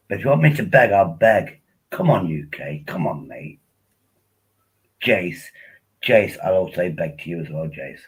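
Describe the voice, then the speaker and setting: A man's voice: on the low side, breathy edge, rough recording. A tipsy man rambling casually as he hosts a live stream, coaxing viewers to join him on air. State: tipsy from drinking. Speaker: livestream host.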